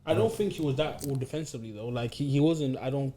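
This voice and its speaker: A man's voice: medium pitch, expressive, quick pace, a crowd in the background. A man co-hosting a sports podcast, joking and repeating words for effect in casual chat. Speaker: podcast co-host.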